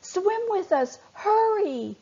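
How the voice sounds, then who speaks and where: A woman's voice: very high-pitched, sing-song, slow pace, pitched above the performer's own voice, exaggerated voice. A woman voicing a young male fish who urges his friends on, in a children's storybook reading. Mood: shouting. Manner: urgent, shouting warnings. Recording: dull lo-fi recording.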